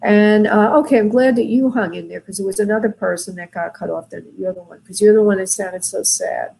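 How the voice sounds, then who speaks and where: A woman hosting a call-in show as a spirit medium, talking gently and soothingly to callers, with many fillers. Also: mid-range voice, brisk, vocal fry, low-quality recording. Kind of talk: call-in reading, soft and consoling.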